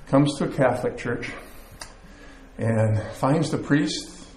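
A man's voice: medium pitch, slow pace, slight background noise. A man preaching a sermon from a church, an easygoing storyteller who eases in with a joke. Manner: relaxed storyteller, easygoing with fillers. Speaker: pastor. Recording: roomy echo.

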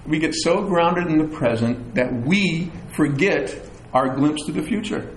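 A middle-aged man preaching a sermon as pastor, animated, with chatty asides and self-deprecating humor. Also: a little high, a little slow, a little hiss or hum. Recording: echoey room with faint ambience.

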